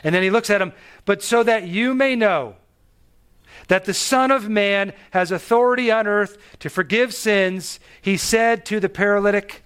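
Guy preaching a sermon, pretty high voice, gets worked up and emphatic. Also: normal speed, clear, resonant tone. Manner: animated preaching, rising emphatic pitch on key phrases. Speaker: pastor.

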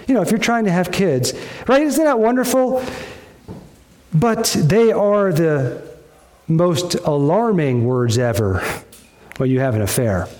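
A man's voice: lively intonation, unhurried, long pauses, darkish tone. A middle-aged male pastor preaching a sermon, retelling a scripture story with emphatic, storytelling delivery. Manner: storytelling with sudden swings in pitch and pace, emphatic.

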